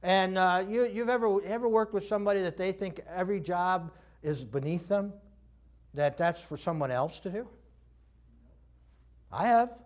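Older man, preacher, high voice, animated, lively sermon. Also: normal speed, long pauses. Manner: animated, acts out quoted voices, laughs often. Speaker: pastor.

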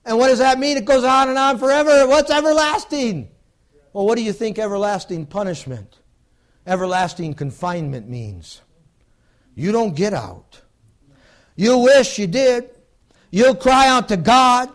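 Fervent high-voiced male preacher. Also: animated, a little slow, pauses often. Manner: fervent, swings from loud outbursts to low hushed warnings. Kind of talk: sermon.

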